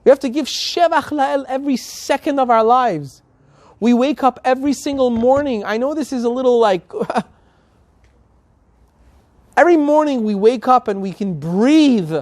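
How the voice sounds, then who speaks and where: A man's voice: very high-pitched, a little slow, a little mellow, no echo. A male rabbi preaching a sermon and telling a story, emphatic and building to passionate appeals.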